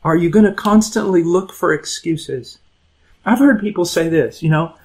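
Man, Bible teacher, slightly high voice, earnest, emphatic, chuckles often. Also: normal speed, slightly rough, poor audio. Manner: asks listeners direct questions. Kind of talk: conversational Bible lesson for young people.

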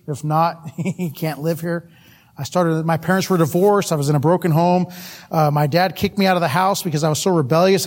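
Animated high-voiced male preacher. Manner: folksy, laughs at himself, animated storytelling. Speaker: missionary preacher. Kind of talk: sermon with personal stories.

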